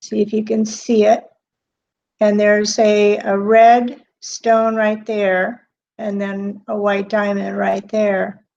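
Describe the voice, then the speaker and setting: A woman speaks slowly and off the cuff as a medium on her live stream, with many pauses and fillers. She greets chat viewers by name between her thoughts. The sound is dull and lo-fi, like a webcam mic indoors. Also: mid-range voice, completely flat delivery, creaky, a little mellow. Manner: hesitant, with frequent pauses and fillers. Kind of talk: unscripted live-stream talk. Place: indoor room.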